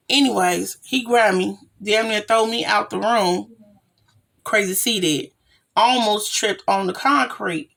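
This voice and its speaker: A woman from California telling a personal story in a casual, slangy way, her voice rising high whenever she quotes herself in the tense moments. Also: moderate pace, creaky. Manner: animated, slangy retelling with rising excited quotes.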